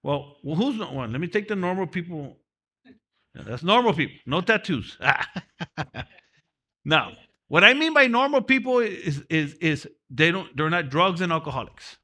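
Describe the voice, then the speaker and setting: During a motivational seminar, a mentoring class teacher speaks in a fairly high, bright, forceful voice, animated and at a moderate pace. He drills key phrases over and over with emphasis, speaking from his own experience of prison.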